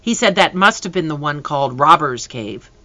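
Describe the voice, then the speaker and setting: An audiobook narrator reads a storybook aloud, unhurried and expressive, with lively swings in tone. The voice is bright and crisp, set close in a dry, dead space with no room sound. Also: mid-range voice, no echo.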